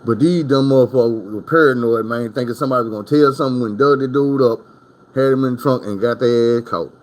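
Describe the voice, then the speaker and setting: This Arkansas man talks fast in a mid-range voice, spinning prison stories in a casual storytime monologue. His delivery is profane and rambling, packed with asides to the listener.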